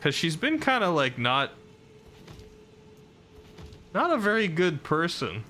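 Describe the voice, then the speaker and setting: A man with a bright, forceful voice talks through his live gameplay stream, reacting to each new thing on screen and replying to viewers' messages. A faint bed of background noise sits under his voice. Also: on the high side, huge pitch swings, slow. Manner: chatty, reacts aloud and answers chat.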